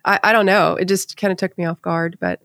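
A woman co-hosting a nursing podcast, telling a candid story in casual chat and halting at the emotional parts. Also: fairly low pitch, steady tone, fairly bright tone, no echo, studio quality. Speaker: nurse podcast co-host.

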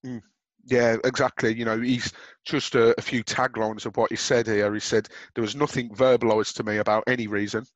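A man's voice: mid-range voice, little pitch movement, a little fast, no echo, dull audio. Chatty Brummie man, dry close sound. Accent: Birmingham. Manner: chatty, rambling with restarts and fillers. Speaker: podcast co-host. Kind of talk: casual football podcast chat.

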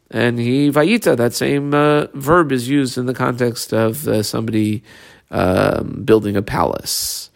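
A man teaching a Talmud passage line by line. He reads Hebrew and Aramaic phrases, then translates them in halting English with frequent filler pauses. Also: medium pitch, gravelly.

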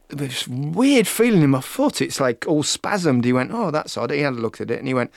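A man's voice: mid-range voice, gravelly, no room sound, studio quality. A former footballer, a man co-hosting a podcast, telling a rambling, self-mocking anecdote and acting out the voices of the people in it. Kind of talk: casual storytelling chat.

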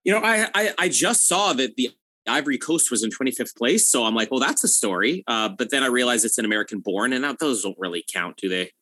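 Bright, lively man with dry quips. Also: medium pitch. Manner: dry, quick deadpan quips. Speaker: podcast co-host. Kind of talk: casual chat.

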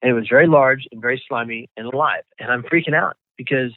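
Over what sounds like a thin phone connection, a man with a mid-range voice shares how he survived, speaking as a guest in an interview. He often halts and says words twice. There's no echo; the sound is dry and up close.

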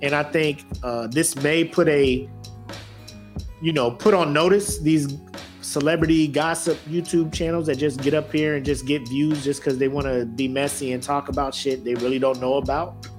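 A man's voice: on the high side, fairly even intonation, moderate pace, soft background music. Joking man in his forties, casual banter. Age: 40s. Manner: loose, joking, laughs often, swears freely. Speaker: podcast co-host.

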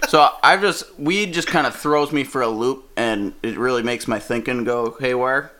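A man's voice: mid-range voice, normal speed, heavy background noise. A man from Wisconsin, a stand-up comedian, telling a story casually, swearing and laughing as he goes. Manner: profane, animated, laughs mid-story.

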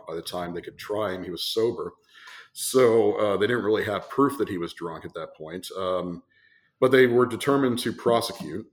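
A man who is a guest from a brewery, telling an amused, rambling anecdote with many fillers. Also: sits low. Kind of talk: casual storytelling.

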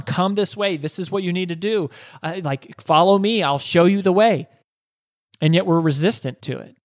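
A man's voice: a little high, no echo, clean studio sound. A man hosting a podcast, telling a motivational story with repeated phrases and rhetorical questions. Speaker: podcast host.

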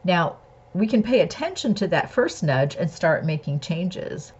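A woman with a low, breathy voice talks candidly and earnestly, telling a personal story and turning it into a spiritual lesson. Her recording sounds slightly dull and lo-fi. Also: sing-song, measured pace, darkish tone.

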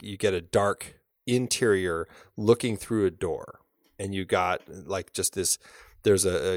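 A man with a fairly low voice talks casually, circling his point with fillers and false starts. The sound is dry and close, with no room around it. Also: no echo. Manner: thoughtful, rambling with many fillers and restarts. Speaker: podcast co-host. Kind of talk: casual film discussion.

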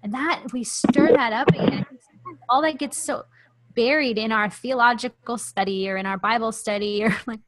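A woman hosting a faith-based podcast, telling stories in an impassioned, animated way. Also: on the high side, normal speed, a little hiss or hum. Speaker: podcast host.

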